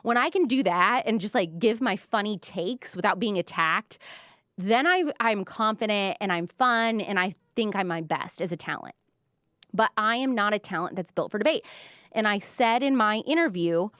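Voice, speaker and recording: A woman's voice: medium pitch, lively intonation, moderate pace, a bit bright, dry recording, studio quality. A young woman hosting a pop culture show, talking casually and self-deprecatingly with lots of fillers and playful quoted voices. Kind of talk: casual chat to camera.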